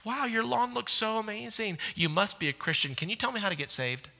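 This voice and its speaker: A man preaching a sermon puts on the voice of an admiring male neighbor who gushes in a hushed tone. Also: sits high, lively intonation, brisk, gravelly, in a large hall, pitched above the performer's own voice, full character voice. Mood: gushing.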